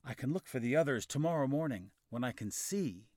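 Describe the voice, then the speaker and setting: A man's voice: expressive, fairly quick, a little mellow, no echo, clean studio sound, lightly acted. A man voicing a young shepherd boy in a storybook reading, crying out in a raised, pleading voice. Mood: earnest. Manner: pleading high cries. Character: young shepherd boy, fibbing then frightened.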